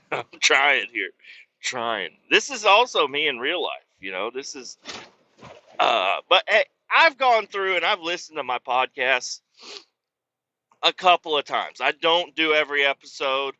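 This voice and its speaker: Animated, rambling guy with a bright voice. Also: on the high side, slow, pauses often, dry recording, muffled recording. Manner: animated, rambling, swears often, laughs a lot. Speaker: podcast host. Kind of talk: casual podcast monologue. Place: driving in a car on a bumpy road.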